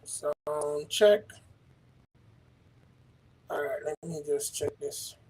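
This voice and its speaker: A man hosting a livestream who talks in a halting, repetitive way and keeps asking his audience questions. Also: fairly high pitch, a little mellow, low-quality recording. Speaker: livestream host. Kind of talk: casual livestream chat. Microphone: livestream setup.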